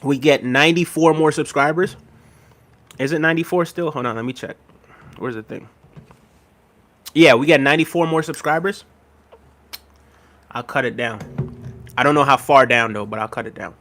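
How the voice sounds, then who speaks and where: A man's voice: mid-range voice, moderate pace, long pauses, fairly bright tone. Laid-back man chatting on a livestream. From United States. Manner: laid-back, chuckles often, reads comments aloud. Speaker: livestream host. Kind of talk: casual livestream chat reading comments.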